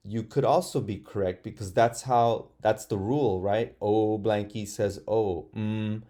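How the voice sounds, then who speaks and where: A male first grade teacher leads an online phonics lesson, patiently sounding out words for young learners. He speaks very slowly, with hesitant fillers and a mellow tone. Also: fairly low pitch. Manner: slow, patient, models sounding out words aloud.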